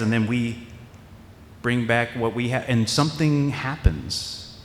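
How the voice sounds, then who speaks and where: Male pastor, mid-pitched, chatty sermon delivery with acted-out asides, recorded in a reverberant church hall. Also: steady tone, unhurried, slight background noise. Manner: conversational, acts out quoted voices, many restarts. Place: church sanctuary. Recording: echoey hall with long reverb.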